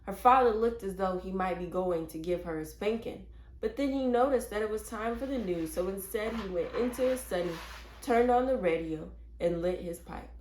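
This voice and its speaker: A woman reading a children's chapter book aloud in a clear, measured storytelling voice. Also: medium pitch, a little mellow, echoey room.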